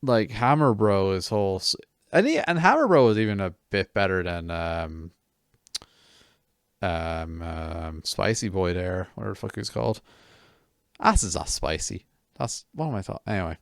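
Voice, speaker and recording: A man's voice: deep voice, lively intonation, moderate pace, gravelly, no room sound, studio quality. A man streaming a game, chatting casually with viewers in a rambling, self-mocking way full of restarts.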